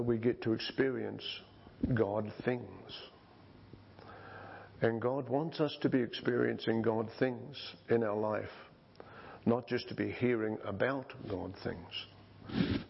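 A male pastor preaching a sermon in slow, conversational storytelling style with frequent restarts, in a dull lo-fi recording. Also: fairly low pitch, gravelly, a little hiss or hum.

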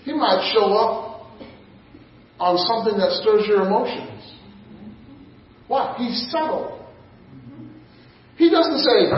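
Echoey, high-voiced preacher from afar. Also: male voice, lively intonation, takes it slowly, long pauses, slight background noise. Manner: conversational, with rhetorical questions. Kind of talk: sermon. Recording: echoey, muffled room mic from a distance.

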